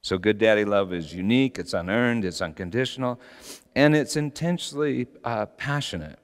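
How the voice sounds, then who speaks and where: A middle-aged man preaching a sermon, telling stories passionately and rising to shouts. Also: on the low side, moderate pace. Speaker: pastor. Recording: long hall reverb.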